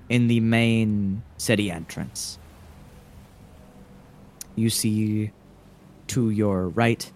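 Slow, measured male game master. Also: lowish voice, darkish tone, slight background noise. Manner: measured, dramatic scene-setting. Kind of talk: narrating a tabletop game.

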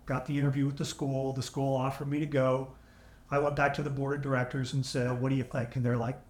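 Earnest male podcast guest, halting emotional storytelling, roomy audio. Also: mid-range voice. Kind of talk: candid storytelling. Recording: echoey room, AI-salvaged audio.

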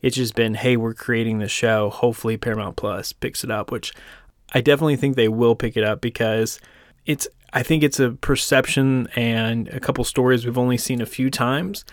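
A man's voice: medium pitch, fairly even intonation, moderate pace, no room sound, clean studio sound. A man from the United States hosting a podcast in a casual, rambling way, with self-deprecating jokes and lots of fillers. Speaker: podcast host.

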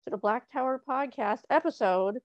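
A woman's voice: sits high, normal speed, no room sound, lo-fi sound. A woman in her thirties chatting as a podcast guest, upbeat and full of ums. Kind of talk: casual podcast chat.

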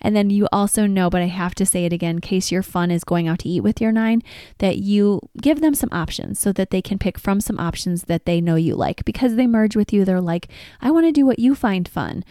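Warm-voiced upbeat woman podcast host. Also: mid-range voice, a little fast, smooth, no room sound, studio quality. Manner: upbeat, encouraging, chatty. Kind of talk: casual advice podcast.

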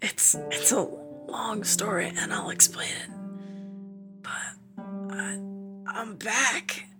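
A woman voicing a man returned from the dead, speaking earnestly and quietly to his sister. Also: steady tone, takes it slowly, vocal fry, music in the background. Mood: subdued. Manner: subdued, earnest, low-key. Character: adult man back from the dead, apologetic.

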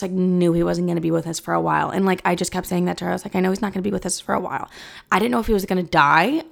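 Hosting a solo podcast, a woman in her twenties chats casually, packing her talk with filler words and free swearing. Her voice is fairly low in pitch and creaky.

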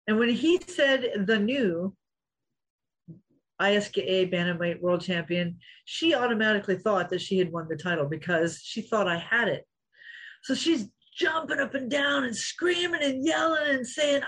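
Husky middle-aged woman spinning fight stories, acts out the quotes, laughs a lot. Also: on the high side, normal speed, low-quality recording. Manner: animated storyteller, acts out quotes, laughs often. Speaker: interview guest, former fighter. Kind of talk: storytelling interview.

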